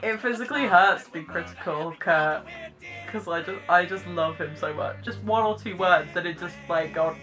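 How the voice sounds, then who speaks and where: A British woman chats through a casual reaction video, laughing often and poking fun at herself. Her voice is bright and forward, and there is soft music faintly underneath. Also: fairly low pitch, moderate pace. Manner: chatty, self-deprecating, laughs often. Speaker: vlogger reacting to clips.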